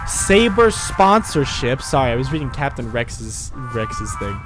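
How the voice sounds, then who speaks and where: A man's voice: mid-range voice, sing-song, a little slow, over music. A man chatting casually on a game livestream, rambling and apologetic, sounding tired. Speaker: game streamer.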